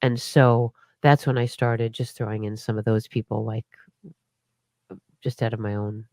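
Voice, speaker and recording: A woman's voice: rumbling low, steady tone, unhurried, darkish tone, dry recording, clean studio sound. A middle-aged woman chatting as an interview guest, talkative and laughing, with many restarts and hiccups. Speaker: guest performer. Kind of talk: casual interview chat.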